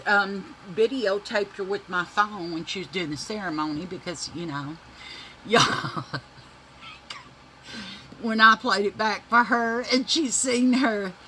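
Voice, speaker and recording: A woman's voice: mid-range voice, bright, forceful tone, a little hiss or hum, rough recording. A woman casually telling a family story to her viewers, swearing freely and laughing as she goes. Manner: chatty, folksy, addresses viewers as y'all.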